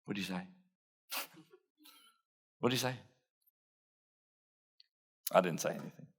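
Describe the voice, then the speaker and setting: A man's voice: low-pitched, measured pace, vocal fry, fairly bright tone, husky. Australian man in a dramatised sermon. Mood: lively storytelling. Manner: earnest first-person storytelling with laughs and self-mockery. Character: impulsive blunt fisherman disciple, man, young adult. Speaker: preacher.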